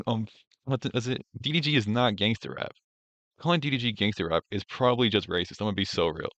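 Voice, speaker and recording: A man's voice: lowish voice, fast talker, a bit bright, dry recording. A man streaming, giving casual reaction commentary in a blunt, profane, ranting way with many restarts.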